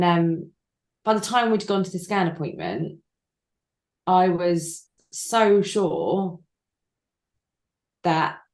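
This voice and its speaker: A low-voiced woman in her thirties appears as an interview guest and recounts a personal story. She's candid but halting, with many fillers and restarts, and the recording carries a noticeably echoey room sound.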